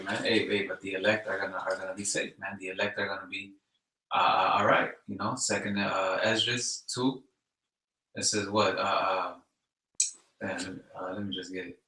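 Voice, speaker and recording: A man reading scripture aloud loudly and slowly. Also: low voice, little pitch movement, slight background noise. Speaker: scripture reader. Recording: echoey and distant.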